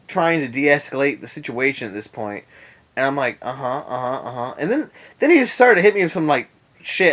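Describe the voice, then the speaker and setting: The young man's voice is on the high side and a bit bright. Tired and in bed at home, he vents about a former boss in a casual vlog rant full of sarcastic asides.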